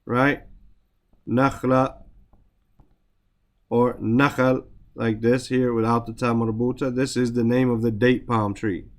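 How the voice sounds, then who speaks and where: A man teaching the meanings of Quranic verses, reciting the Arabic quickly, then explaining each word slowly with repetitions. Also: mid-range voice, level tone. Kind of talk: Quran vocabulary lesson.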